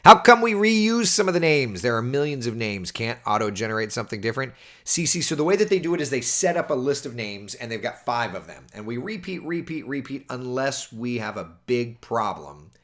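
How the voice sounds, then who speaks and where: A man's voice: medium pitch, fairly quick, few pauses. A man, a TV meteorologist, chatting casually on a livestream and answering viewer questions. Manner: chatty, animated, reads viewer comments aloud.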